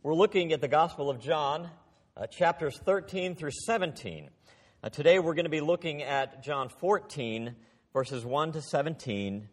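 Male pastor, sermon, lively rising and falling delivery, a bit high-pitched, long church reverb. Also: moderate pace. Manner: animated, dramatizing scripture with dropped intense lines.

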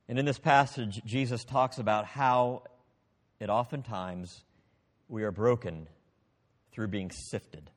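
Man preaching in a reverberant hall. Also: medium pitch. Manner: expressive, swings from loud emphasis to hushed tones. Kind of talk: sermon.

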